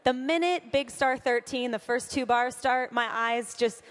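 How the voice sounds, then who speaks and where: A woman's voice: fairly high pitch, a little slow. A young woman from Southern California giving a chatty, upbeat talk on stage, laughing often. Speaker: conference speaker. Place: large hall on stage. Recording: long hall reverb.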